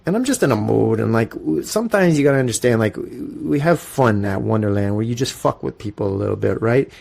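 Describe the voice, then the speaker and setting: A Canadian man in his forties, a podcast host telling casual, profane stories in an animated way. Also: mid-range voice, a little fast, gravelly. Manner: animated, profane, storytelling with acted-out quotes. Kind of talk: casual storytelling monologue.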